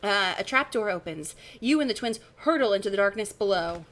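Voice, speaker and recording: A woman's voice: medium pitch, animated, brisk, a bit bright. A woman live-streaming as she reads a spooky kids' book aloud, breaking off into casual chatty asides, swearing and laughing at her own slips.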